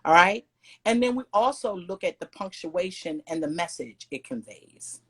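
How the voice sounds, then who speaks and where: A woman's voice: lowish voice, big pitch swings, normal speed, a bit bright, husky. Encouraging female teacher. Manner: encouraging, gives instructions. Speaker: middle school teacher. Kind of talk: classroom lesson.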